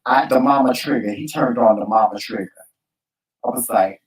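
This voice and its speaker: A man co-hosting a casual talk show, telling stories in an animated, sassy way with lots of exclamations. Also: mid-range voice, normal speed, recorded from a distance. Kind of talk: casual chat. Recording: echoey room, voice from off mic.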